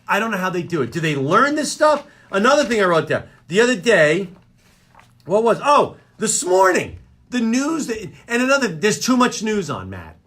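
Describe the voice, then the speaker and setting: Animated high-voiced ranting radio host. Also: male voice, moderate pace. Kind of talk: comedic rant. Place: radio studio.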